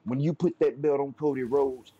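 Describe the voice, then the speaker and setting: A man voicing a loud, furious male wrestling fan cutting a profane, threatening promo in a husky voice. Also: medium pitch, fairly even intonation, normal speed, highs cut off, voice pushed up, natural voice. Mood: furious ranting.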